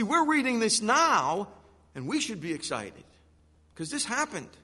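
A man delivers a sermon with a high, bright voice that swings widely in pitch. He acts out the quotes he reads in an animated way. His voice carries a long reverb, as if in a big hall. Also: slightly rough. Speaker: pastor.

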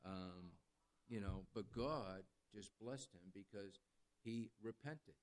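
A man's voice: on the low side, slow pace. A man who works as a jail chaplain, telling a story in sermon style and acting out the people he quotes. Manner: animated storyteller quoting others in lively voices.

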